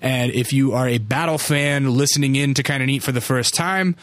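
A man's voice: medium pitch, fairly quick, fairly bright tone, no room sound. Man, podcast host, dry close sound, casual profane storytelling, lots of fillers. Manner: loose and profane, full of fillers. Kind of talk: casual rambling storytelling intro.

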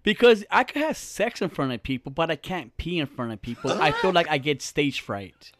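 A man's voice: on the high side, very animated, moderate pace, a bit bright, no echo, studio quality. Laid-back joking male podcast host. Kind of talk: casual podcast chat. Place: small studio.

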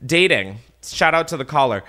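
A man's voice: on the high side, lively intonation, normal speed, pushed and bright. A man hosting a casual podcast, ranting animatedly with swearing and laughter. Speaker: podcast host.

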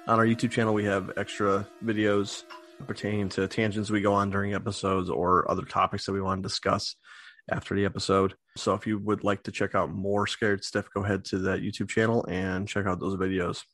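A man's voice: lowish voice, flat delivery, fairly quick, a bit bright, dry recording. A man hosting a podcast, chatting casually and swearing now and then. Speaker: podcast host.

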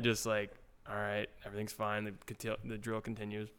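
A man's voice: on the low side, completely flat delivery, quick pace, few pauses, sharp tone, clean tone. A young man, a pro hockey player, casually telling a story in an interview, laid back with lots of fillers. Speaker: guest, pro hockey goalie.

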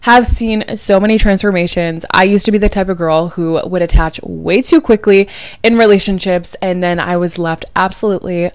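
A young adult woman hosting a casual podcast as a dating coach, chatty, emphatic and confiding, sounding low and drained after a night of crying. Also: moderate pace, no echo, clean studio sound. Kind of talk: casual chat.

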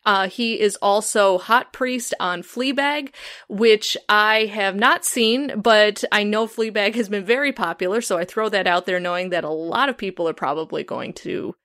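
A woman's voice: medium pitch, moderate pace, a bit bright. A woman hosting a podcast in casual chat, chatty and enthusiastic, often restarting her sentences. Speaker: podcast host.

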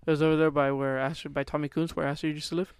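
A young man co-hosting a podcast, telling stories in quick, chatty casual talk. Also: on the high side, flat delivery, smooth, no room sound, studio quality. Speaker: podcast co-host. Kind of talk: casual chat.

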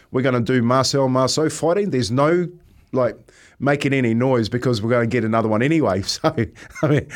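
Kiwi radio host, easygoing storyteller. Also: male voice, mid-range voice. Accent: New Zealand. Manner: reflective storyteller, says "mate" often, chuckles. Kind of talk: casual radio chat.

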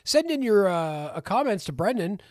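Man, podcast co-host, casual chat, profane jokes, slightly high voice, dry close sound. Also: sing-song, moderate pace, dry recording. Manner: profane, joking, rambling.

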